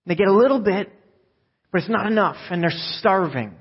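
A pastor preaches a sermon, telling a story with quoted voices and asides to the congregation. His high, husky voice has lively intonation and a fairly quick pace, and the recording is muffled.

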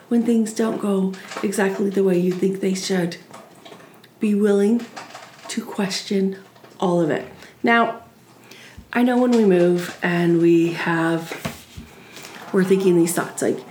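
A woman's voice: medium pitch, steady tone, measured pace, long pauses, darkish tone, slight background noise. A middle-aged woman life coach giving an earnest, encouraging solo talk and acting out the voices in her head. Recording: echoey room.

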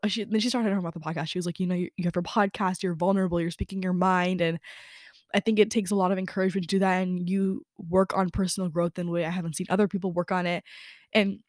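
A woman's voice: lowish voice, little pitch movement, fast talker, no room sound, clean studio sound. A young woman hosting her own podcast, chatting candidly about her day and feelings, with lots of "like" and some swearing. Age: young adult. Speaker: podcast host. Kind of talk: casual personal chat. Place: indoors by a window.

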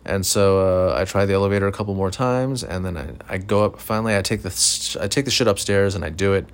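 A man's voice: sits low, fast talker, clean tone. A man telling a rambling, profane, self-deprecating story in a casual monologue, with lots of fillers. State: recovering from illness, short of breath at times. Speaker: podcast host.

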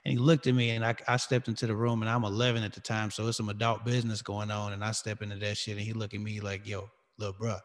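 A man's voice: lowish voice, flat delivery, fast, hardly any pauses, long reverb tail. A man telling a personal story in a candid, profane podcast chat. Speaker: podcast co-host.

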